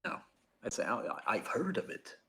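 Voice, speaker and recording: A man's voice: medium pitch, sing-song, moderate pace, bright, forceful tone, husky. A man playing his character in a tabletop game, with an inquisitive, wry manner. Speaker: player.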